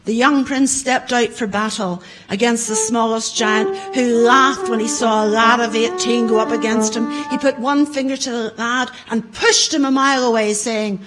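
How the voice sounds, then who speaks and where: A woman telling an old folktale aloud, her voice pitched a little high. She builds to loud, dramatic passages as the story grows tense. Faint music plays behind her. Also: steady tone, normal speed, hardly any pauses, poor audio. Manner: dramatic, rising loud in battle scenes. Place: conference room before an audience.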